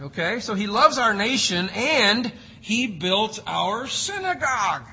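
A man's voice: high-pitched, very animated, unhurried, sharp tone, slightly rough, poor audio. A man preaching an expository sermon, reading scripture and explaining it with emphatic, varied delivery. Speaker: pastor.

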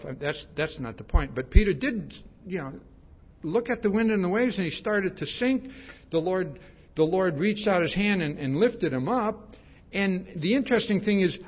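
A man preaching a sermon in a relaxed, conversational way, retelling a story with animated asides and frequent restarts. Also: fairly high pitch. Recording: dull lo-fi recording.

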